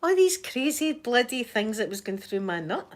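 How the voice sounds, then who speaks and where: Fast-talking Scottish woman. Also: fairly high pitch, big pitch swings, background noise. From Scotland. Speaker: live-stream host. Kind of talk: casual live-stream chat.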